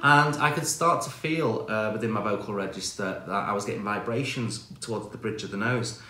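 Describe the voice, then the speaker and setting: A man teaching singing, explaining exercises in a relaxed, chatty way full of fillers, speaking into a microphone in front of him. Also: lowish voice, brisk. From England. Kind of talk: online singing lesson. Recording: echoey room with faint piano.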